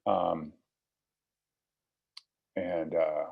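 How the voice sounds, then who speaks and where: A man's voice: low voice, little pitch movement, very slow, vocal fry, breathy edge. A middle-aged man telling his personal recovery story to a meeting, in a wry, self-deprecating, joking way. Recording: slightly lo-fi recording.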